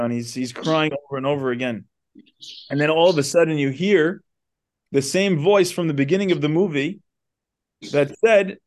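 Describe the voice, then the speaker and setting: A man's voice: on the high side, moderate pace. A man teaching a class in a synagogue, retelling a story loosely with many asides. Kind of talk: storytelling lecture.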